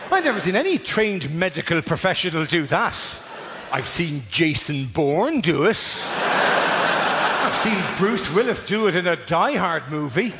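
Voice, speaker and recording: A middle-aged man doing stand-up comedy in a big theatre, animated and breaking into sudden shouts. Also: a little high, measured pace. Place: large theatre stage. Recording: reverberant theatre, audience noise.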